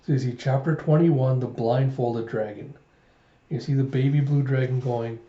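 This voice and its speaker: A man reading a manga aloud with commentary, retelling the scenes in an animated way. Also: medium pitch, normal speed. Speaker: manga reviewer. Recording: dull echoey home recording.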